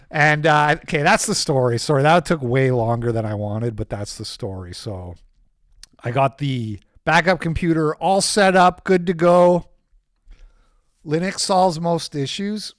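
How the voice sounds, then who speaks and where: A man's voice: on the high side, no echo, clean studio sound. Swearing man telling a story. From Canada. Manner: animated, swears freely, self-deprecating. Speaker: streamer host. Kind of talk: casual rambling storytelling.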